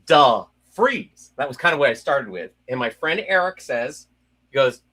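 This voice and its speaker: A man puppeteer in a casual video chat, explaining his craft and slipping into quick voice impressions. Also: medium pitch, expressive, sharp tone, rough recording. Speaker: puppeteer guest.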